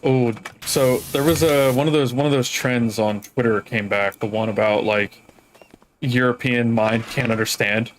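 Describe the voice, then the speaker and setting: A man's voice: medium pitch, steady tone, moderate pace, slight background noise, rough recording. A man streaming games, telling long casual stories that trail off and restart. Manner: rambling storyteller, trails off mid-sentence. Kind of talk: casual chat while gaming.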